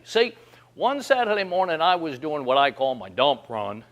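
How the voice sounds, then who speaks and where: A folksy man tells comic yarns in a slightly high voice. He talks like a down-home storyteller and chuckles as he goes. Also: a bit bright. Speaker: host of a humor segment.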